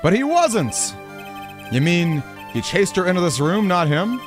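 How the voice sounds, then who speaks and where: Brief: man voicing a young lawyer, lower and steady, pressing a witness with pointed questions. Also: unhurried, music in the background. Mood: probing. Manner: low, flat and insistent questioning. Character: young male defense attorney, probing and dry.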